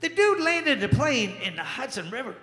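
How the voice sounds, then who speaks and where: A man performing a stand-up comedy set in a small jazz lounge, bantering with the crowd in an animated way. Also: extremely high pitch. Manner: animated, crowd-work banter with quick asides. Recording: echoey room with long reverb.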